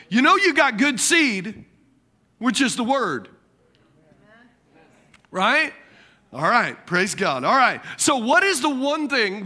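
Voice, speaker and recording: High, bright-voiced preacher man. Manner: preaching with call-and-response questions to the congregation; repeats key words for emphasis, swings between loud and soft. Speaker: pastor. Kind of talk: sermon.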